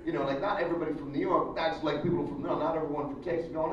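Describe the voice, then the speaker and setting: A man's voice: a little high, rapid-fire, muffled recording. A man with an Australian accent moderating a convention panel, joking and laughing as he talks. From northern Australia. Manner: jokey, animated, laughs often. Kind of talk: casual joking panel talk. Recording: echoey convention hall, distant mic, loud crowd.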